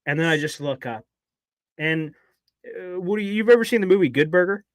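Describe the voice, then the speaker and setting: A man co-hosting a casual sports talk show, telling a story in a lively way and acting out his own reactions. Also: high voice, normal speed, no echo. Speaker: podcast co-host. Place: radio station studio.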